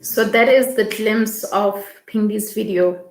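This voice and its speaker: A woman's voice: medium pitch, takes it slowly, echoey room, rough recording. A woman hosting a morning livestream, emotional and reading viewer comments aloud. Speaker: host. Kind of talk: casual livestream talk.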